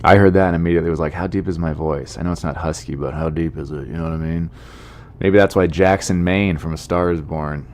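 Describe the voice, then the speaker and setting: A man's voice: very deep voice, fairly even intonation, quick pace, a little mellow, faint music behind. A man, a comedian hosting his podcast, chatting casually in a rambling, self-deprecating way with asides to his listeners.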